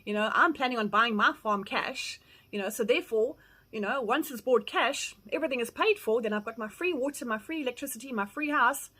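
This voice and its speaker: A woman's voice: on the high side, a little fast, bright, forceful tone, rough recording. Blunt, earnest South African woman. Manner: earnest, blunt, swears casually, retells quotes animatedly. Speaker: farm vlogger. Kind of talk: candid personal advice talk.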